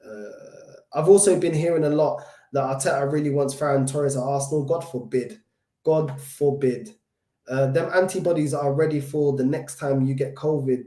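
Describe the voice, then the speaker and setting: A London man hosting a football fan channel, chatting casually with his live chat, slangy and animated, still short of breath from covid. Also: medium pitch, echoey room.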